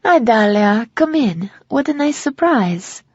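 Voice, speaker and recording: A woman's voice: fairly high pitch, lively intonation, slow, husky, no echo, highs cut off, pitched above the performer's own voice, full character voice. A woman doing a cheerful French housekeeper. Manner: enthusiastic, motherly.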